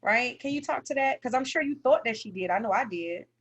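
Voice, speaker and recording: A woman's voice: a little high, expressive, a little fast, a bit bright, slightly rough. A woman hosting a podcast who asks questions in a casual, encouraging way and often affirms her guests. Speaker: podcast host. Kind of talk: casual conversational interview.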